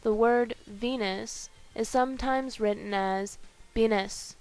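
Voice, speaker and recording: Slow, measured woman teaching a lesson. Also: medium pitch. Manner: careful, measured reading with slow spelled-out examples. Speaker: language teacher. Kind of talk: scripted lesson narration.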